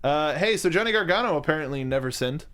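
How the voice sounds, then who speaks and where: Brief: male co-host, easygoing, quick to laugh, slightly high and lively voice. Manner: easygoing, laughs often, takes listener questions. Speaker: wrestling show co-host. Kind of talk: casual podcast banter.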